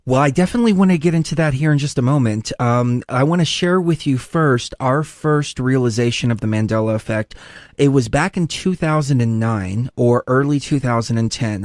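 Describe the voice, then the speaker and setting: A man hosting an interview show, chatting casually and telling rambling stories in an animated way. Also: medium pitch, a little fast, no room sound, studio quality. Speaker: host.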